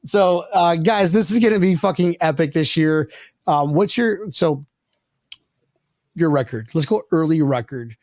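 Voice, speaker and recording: Male podcast host, slightly high gravelly voice, rowdy joker, dry close sound. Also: expressive, unhurried, no room sound. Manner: rowdy, joking, tells loud stories. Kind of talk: casual podcast chat. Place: home, living in South Florida.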